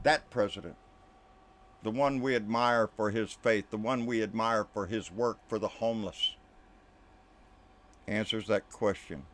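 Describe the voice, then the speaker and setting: Hosting a political commentary channel, a man rants angrily and profanely at the camera, calling the listener "baby" again and again and often muttering low asides. His tone is steady and fairly bright, and he speaks unhurriedly with frequent pauses.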